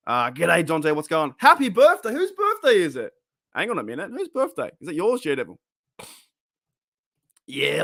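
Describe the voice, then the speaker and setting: A man hosting a fan livestream. He chats casually, rambles and gets excitable, greeting viewers by name. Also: medium pitch, dry recording, studio quality. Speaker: host of a fan podcast livestream.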